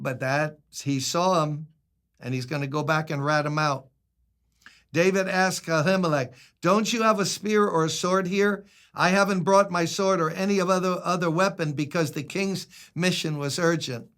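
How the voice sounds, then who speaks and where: A man's voice: fairly high pitch, a bit bright. An older man preaching a sermon as a pastor, conversational and humorous, acting out quotes.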